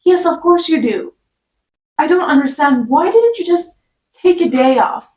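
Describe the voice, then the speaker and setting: High-voiced woman ranting in an echoey room. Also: lively intonation, measured pace, darkish tone, far from the mic. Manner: exasperated, sarcastic, talks back at characters. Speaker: book reviewer. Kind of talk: casual rant review.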